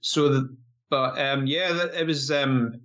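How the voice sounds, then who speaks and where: A man's voice: mid-range voice, fairly even intonation, measured pace, fairly bright tone. A man co-hosting a podcast, chatting casually about films with many fillers and restarts. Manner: rambling, frequent fillers and restarts. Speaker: podcast co-host. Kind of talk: casual film review chat. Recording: dull lo-fi podcast audio.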